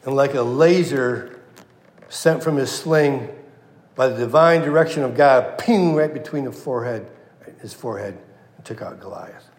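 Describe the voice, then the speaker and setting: A man preaching a sermon, quoting scripture with passion and dropping to a hush at key lines. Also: medium pitch, moderate pace. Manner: impassioned, swings from loud to hushed. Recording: echoey room.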